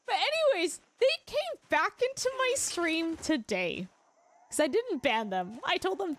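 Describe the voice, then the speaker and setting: A woman's voice: very high voice, wildly swooping pitch, normal speed. A woman streamer chatting casually while gaming, telling rambling stories and laughing often. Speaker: Twitch streamer.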